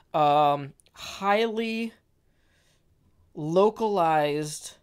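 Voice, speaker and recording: On his live stream, a man with a smooth, somewhat high voice reads poetry aloud and chats, stressing words carefully and often using hesitant fillers.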